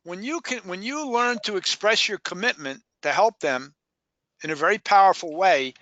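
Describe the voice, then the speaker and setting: A man leading a sales training session in a lively, emphatic way, repeating key points and questioning his trainees. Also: sits high, normal speed, no echo, muffled recording.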